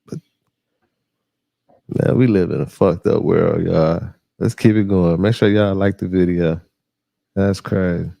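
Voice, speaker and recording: A man's voice: deep voice, steady tone, unhurried, vocal fry, pauses often, mellow, no echo. A man talking casually on a reaction livestream, rambling with lots of fillers and slang. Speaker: reaction streamer. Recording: dry close sound.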